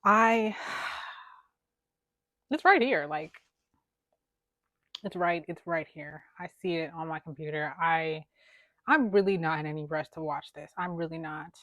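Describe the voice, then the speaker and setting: A woman's voice: sits low, a little slow, pauses often, fairly bright tone, no room sound, studio quality. A woman hosting a casual reaction video, rambling playfully, laughing often and talking to an unseen friend. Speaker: YouTube reaction host. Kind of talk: casual reaction vlog chat. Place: home room at her computer. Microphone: computer setup with camera.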